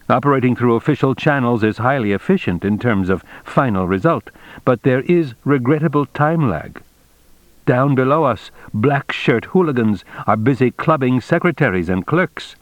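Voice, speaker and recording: A man reading a novel aloud as narrator in a measured, steady way. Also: mid-range voice, no echo. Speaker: audiobook narrator. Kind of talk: scripted narration.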